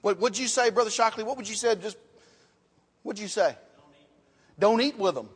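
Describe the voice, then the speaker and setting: A man's voice: sits high, moderate pace, slightly rough. A man teaching a church Bible class, quizzing the class and repeating his points as he writes on a board. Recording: long reverb in a hall.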